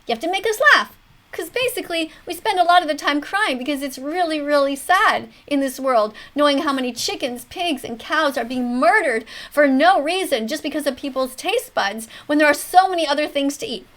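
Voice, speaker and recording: A woman in her fifties hosting a mock classroom, commenting on a video in an animated schoolteacher tone. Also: high voice, brisk. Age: 50s. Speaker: teacher hosting a reaction video.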